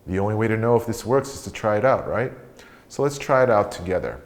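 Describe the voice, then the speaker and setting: A man leading a guided meditation, speaking slowly and calmly as he teaches breathing and a question practice. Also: on the low side. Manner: slow, calm guiding voice.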